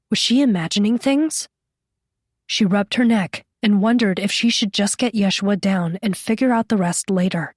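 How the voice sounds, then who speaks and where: A woman narrates a horror audiobook at a middle pitch. Her steady, measured reading sits in a dry, close recording with no room sound. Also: dry recording. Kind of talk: scripted narration.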